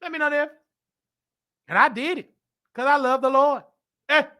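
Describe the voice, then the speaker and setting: A man hosting a show, telling a church story in a dramatic, preacher-like way that rises to shouts. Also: extremely high pitch, moderate pace. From Chicago. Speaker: show host. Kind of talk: animated storytelling monologue.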